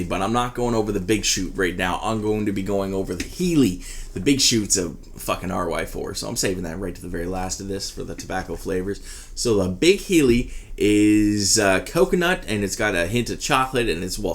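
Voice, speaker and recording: A man giving a rambling, casual product review, swearing freely as he talks. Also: on the low side. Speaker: e-liquid reviewer.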